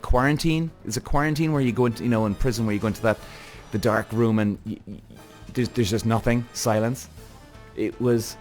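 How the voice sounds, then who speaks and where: A man hosting a podcast in a casual monologue, animated, swearing freely and acting out his own thoughts. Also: mid-range voice. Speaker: podcast host.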